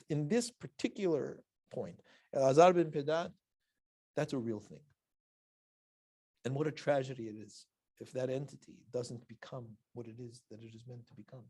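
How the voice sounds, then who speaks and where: A man, a rabbi, teaching a religious lesson as an animated storyteller who laughs between lines. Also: a little high.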